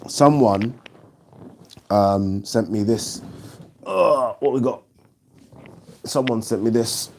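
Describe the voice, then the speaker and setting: A man hosting a casual live stream, chatting and reading viewer comments aloud in an animated way. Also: medium pitch, slow, long pauses, a little hiss or hum. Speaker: boxing channel host.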